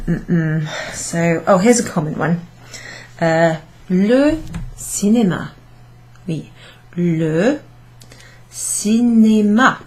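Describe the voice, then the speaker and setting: A woman teacher from Wales walks beginners through a French grammar point. She speaks slowly in a slightly low voice, pausing with ums and asking her listeners questions as she goes. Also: rough recording. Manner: patient, step-by-step explaining with many ums and rhetorical questions. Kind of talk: classroom summary lesson.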